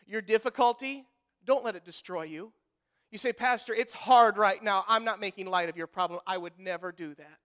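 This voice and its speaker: A male pastor preaching a sermon in a church, swinging from loud emphatic lines to hushed ones and repeating words when worked up. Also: sits high.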